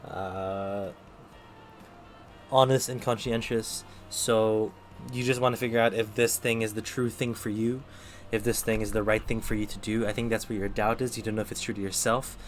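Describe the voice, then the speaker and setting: Chatty low-voiced man reading tarot. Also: level tone, normal speed, faint music behind. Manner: chatty, thinks aloud with many fillers and restarts; talks to chat between readings. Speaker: streamer doing tarot readings. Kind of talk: casual live-stream tarot reading.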